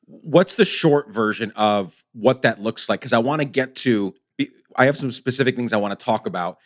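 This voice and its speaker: A man's voice: medium pitch, normal speed. A man hosting an interview, framing questions in a loose, conversational way. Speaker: interview host.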